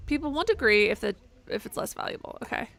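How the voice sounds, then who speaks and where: A woman streaming a video game, giving casual commentary in an animated, sweary, self-mocking way. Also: fairly high pitch, quick pace, creaky. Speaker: gaming streamer.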